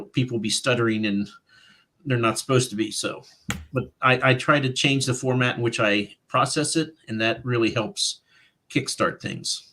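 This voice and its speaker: Animated man quoting his own reactions. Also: mid-range voice. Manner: animated, quotes his own thoughts in voices, laughs often. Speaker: author and interview guest. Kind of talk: casual interview chat.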